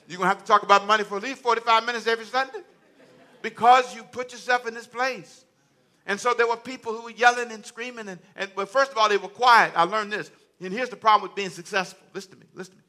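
A man's voice: sits high, fairly quick, pauses often, pushed and bright. A male pastor preaching a sermon in church to a congregation, with folksy, repetitive phrasing and call-and-response.

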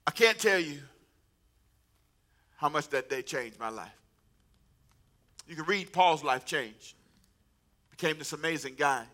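A man preaching a sermon as a pastor, telling a story with animated repetition and acted-out dialogue. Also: on the high side, a little slow, long pauses.

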